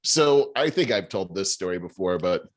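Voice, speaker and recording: A man in his fifties co-hosting a casual talk show, emotional and quick to laugh, rambling with many restarts. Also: sits low, expressive, a little hiss or hum. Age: 50s. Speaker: podcast co-host. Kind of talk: casual chat.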